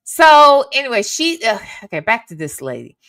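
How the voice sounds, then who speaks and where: A woman's voice: fairly high pitch, very animated, normal speed, a bit bright, dry recording, clean studio sound. A woman hosting a casual livestream from home, chatting with her viewers and swearing casually into a desk microphone. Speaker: reaction channel host.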